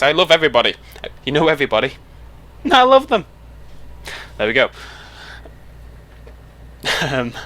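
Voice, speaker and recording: A young British YouTuber on a road trip chats casually to camera through a headset mic, rambling and cutting himself off as he goes. His voice is fairly low and sharp in tone, with a little hiss or hum in the background.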